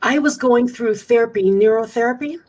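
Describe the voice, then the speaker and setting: A woman's voice: fairly high pitch, a little fast, a little mellow. A middle-aged woman, a guest on an interview show, candidly recounting a personal story with frequent restarts. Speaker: guest speaker.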